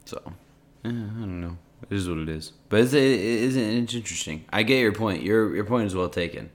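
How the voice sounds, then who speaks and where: A man's voice: fairly low pitch, expressive, a little fast. A man co-hosting a casual podcast chat, talking hesitantly with lots of likes and restarts. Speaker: podcast co-host. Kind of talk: casual chat, reading a transcript aloud.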